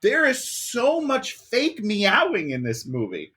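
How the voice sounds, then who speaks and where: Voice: mid-range voice, wildly swooping pitch, slow, bright, forceful tone. A podcast co-host in a casual movie review chat, ranting in exasperation and swearing often.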